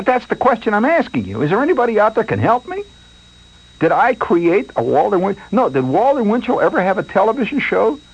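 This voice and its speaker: Male radio host, rambling monologue, lively mock-nervous delivery, dull lo-fi sound with faint hum. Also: high voice, creaky, breathy edge. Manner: rambling, animated, mock-anxious storytelling. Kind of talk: late-night radio monologue.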